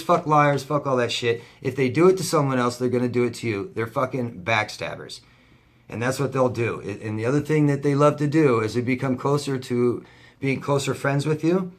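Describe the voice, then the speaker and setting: A man's voice: mid-range voice, moderate pace. Blunt, heated man ranting on camera. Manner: blunt, heavy swearing, heated and repetitive. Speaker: life coach. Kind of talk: direct-to-camera vlog rant.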